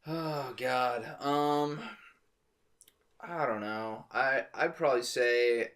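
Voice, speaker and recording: A man's voice: mid-range voice, extremely slow, a bit bright. A man co-hosting a casual movie-review podcast, talking in a laid-back, hesitant way with plenty of fillers. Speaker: podcast co-host.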